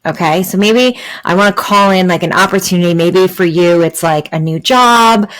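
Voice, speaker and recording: A woman's voice: fairly low pitch, normal speed, a bit bright, rough recording. A woman hosting a spiritual podcast, talking in an earnest, explanatory way with many fillers and "right?" asides. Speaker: podcast host. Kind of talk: spiritual talk, reflective and explanatory.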